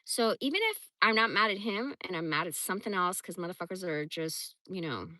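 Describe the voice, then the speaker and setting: A woman in her forties chatting casually on a livestream, reading comments and telling stories in a blunt, profane, animated way. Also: on the low side, brisk, no room sound. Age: 40s. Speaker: livestream host.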